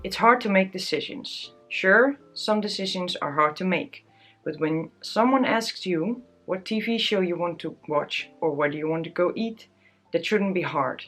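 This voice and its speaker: A young woman vlogs in a casual, self-deprecating way, her voice a touch lower than most. She is tearful and close to crying, yet keeps laughing at herself. Soft music plays faintly underneath. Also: lively intonation, moderate pace. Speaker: vlogger. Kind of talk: casual chat to camera.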